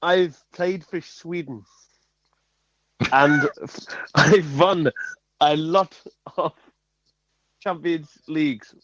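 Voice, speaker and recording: A man's voice: on the high side, drawn-out words, long pauses, a bit bright, no room sound, exaggerated voice. A man doing an impression of a boastful star striker over an online call. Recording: dull dry online call audio.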